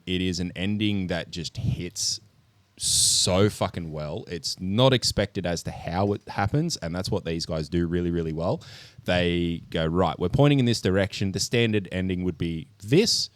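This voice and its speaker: Deep-voiced man retelling a film, animated. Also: dry recording. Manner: animated storyteller, swears freely, lots of ums. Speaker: podcast co-host. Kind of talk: casual podcast chat, movie review.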